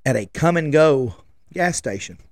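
In his 40s, this man hosts a podcast and rambles through casual stories, chatting, restarting and trailing off. His voice is expressive and on the high side, with a measured pace and no room sound.

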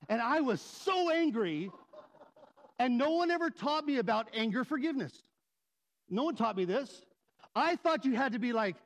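A man's voice: sits high, lively intonation, brisk. A middle-aged man preaching a sermon, telling a personal story and acting out the voices and inner dialogue of the people in it. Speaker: pastor.

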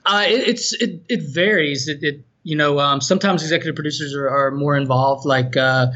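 A man's voice: a little high, a little fast, bright, forceful tone. A man with a North Carolina Southern accent, rambling with many restarts as a film producer guest in a casual podcast chat. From North Carolina, USA. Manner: rambling, stammering restarts, self-deprecating. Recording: dull lo-fi sound.

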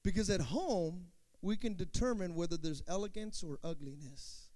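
A man preaching a sermon as pastor, moving from quiet asides to loud build-ups, acting out quoted voices and calling on the congregation to respond. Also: high-pitched, moderate pace. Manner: dynamic preaching, swinging from quiet to shouting.

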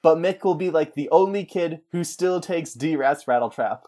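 A man in casual chat, pitching a story in a rambling, jokey way and slipping into character voices. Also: normal speed, mellow.

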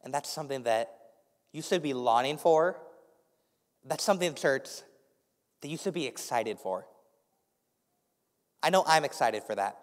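A man preaching a sermon to a church congregation. He speaks earnestly with a slight lisp, often restarts his phrases, and softens his voice for guided reflection. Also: medium pitch, expressive, measured pace, pauses often. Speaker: pastor. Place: church sanctuary with a live congregation. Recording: long reverb of a large hall.

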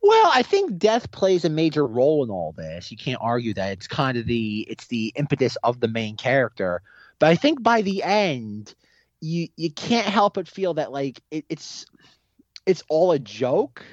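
A man's voice: fairly high pitch, huge pitch swings, normal speed, dry recording, lo-fi sound. A man co-hosting a casual film podcast, hesitant and skeptical, stopping and restarting his thoughts. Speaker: podcast co-host.

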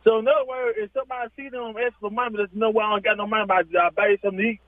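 Man, heated caller, very high voice, tinny phone line. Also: flat delivery, very fast, no room sound. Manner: heated, argumentative, keeps talking over the host. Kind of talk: heated call-in argument.

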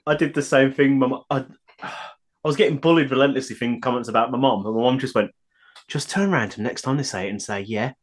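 A man's voice: medium pitch, fast. A man co-hosting a podcast, joking in an easygoing way and swearing casually. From England. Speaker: podcast co-host. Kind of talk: casual comedic chat.

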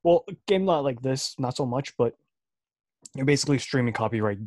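A young man chatting on his podcast, relaxed and wry, his sentences often fading out at the end. The sound is dry and close, with his voice sitting at a middle pitch. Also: brisk, no echo. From Chinese descent, speaks Mandarin. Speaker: podcast co-host. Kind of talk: casual chat.

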